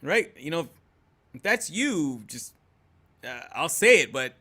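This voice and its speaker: A young man telling a personal story as a podcast guest in a relaxed, easygoing way, full of fillers. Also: a little high, takes it slowly, husky. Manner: relaxed, many fillers like "you know" and "um". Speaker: guest, host's husband. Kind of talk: casual storytelling.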